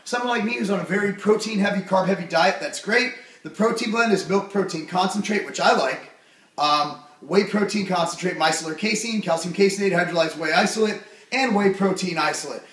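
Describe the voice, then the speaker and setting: A young man reviewing a supplement in a jokey vlog, loud and goofy, breaking into shouts. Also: high voice, fairly quick, roomy sound, far from the mic.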